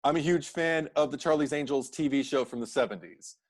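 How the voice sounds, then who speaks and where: A man co-hosting a podcast in casual chat, an animated storyteller who acts out quotes in high put-on voices, laughs often and swears. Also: fairly quick, no echo. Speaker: podcast co-host.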